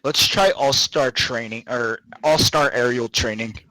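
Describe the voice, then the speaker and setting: A man's voice: mid-range voice, unhurried, bright, forceful tone, dry recording, rough recording. A man chatting casually while gaming, joking with crude banter.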